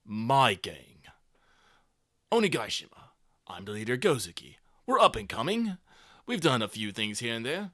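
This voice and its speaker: A man voicing a scheming male gang leader villain in a gravelly voice, delivering a smug threatening speech. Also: mid-range voice, sing-song, normal speed, pauses often, bright, forceful tone, dry recording, clean studio sound. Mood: smug menacing.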